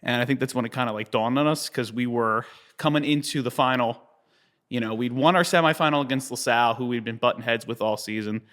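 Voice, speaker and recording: A man in his thirties from New Jersey, telling a long story as an interview guest. He talks in a lively way, chuckles often and uses many fillers. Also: medium pitch, quick pace. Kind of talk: conversational storytelling.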